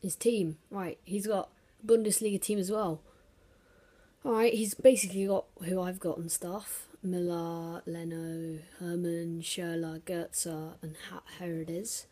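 A woman casually commentating her own football video game. She swears freely, mutters under her breath, and erupts into shouts at big plays. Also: lowish voice, little pitch movement, measured pace. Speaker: gaming commentator.

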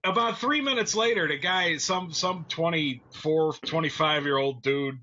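A man's voice: a little high, unhurried. A man co-hosting a casual roundtable show, telling stories with lots of swearing and acting out the people in them. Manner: profane, animated storyteller acting out voices. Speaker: roundtable co-host. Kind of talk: casual storytelling chat. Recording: dull lo-fi sound with faint noise.

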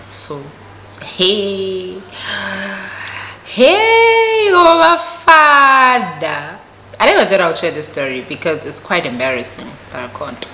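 A South African woman telling a story on her vlog, animated and switching between Xhosa and English. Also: on the low side, slight background noise. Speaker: vlogger. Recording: echoey room recording.

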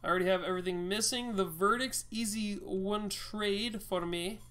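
A man giving casual, loud, teasing commentary while playing a card game with a friend, swearing now and then. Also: high voice, normal speed, clear, resonant tone. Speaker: card game player and co-host.

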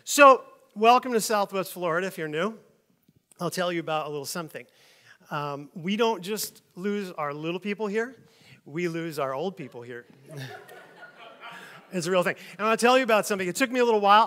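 A middle-aged man preaching a sermon, telling stories in an animated way and acting out other people's voices. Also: high-pitched, brisk. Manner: animated storytelling, acts out voices in shouts. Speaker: pastor.

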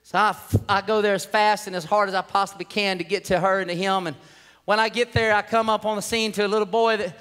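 A man's voice: high-pitched, flat delivery, fast talker, a bit bright, clear, resonant tone. A man preaching a sermon in a church, telling a personal story earnestly and with emotion. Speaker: pastor. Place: church sanctuary. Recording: long church hall reverb.

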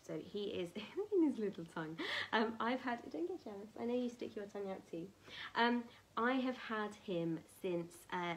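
A woman chatting to camera about a haul, rambling with ums, little laughs and soft whispered asides. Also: mid-range voice, slight background noise. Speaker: vlogger showing a merchandise haul. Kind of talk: casual chat to camera.

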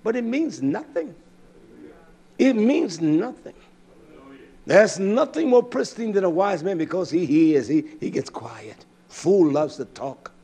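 High, husky, fiery male preacher. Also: very animated, a little slow. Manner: impassioned, swings from shouting to hushed. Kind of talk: fiery sermon.

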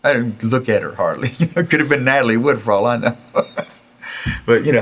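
A man, casually telling anecdotes in a recording studio, animated and chuckling, acting out quotes. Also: mid-range voice, fast talker, long pauses. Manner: animated storyteller who chuckles, acts out quotes and restarts sentences. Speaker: musician interview guest.

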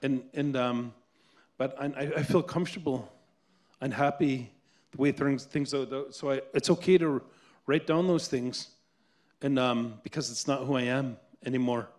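A man's voice: medium pitch, steady tone, moderate pace, a little mellow. A Canadian man talking earnestly at a public event, often repeating words as he reflects. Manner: earnest, repeats words while searching for them. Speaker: author and guest speaker.

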